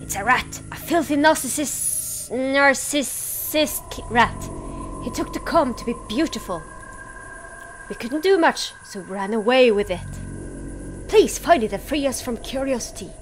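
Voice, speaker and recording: Woman putting on tangled flying creatures, cynical, sarcastic drawl, slow, game music behind. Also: high voice, expressive, low-quality recording.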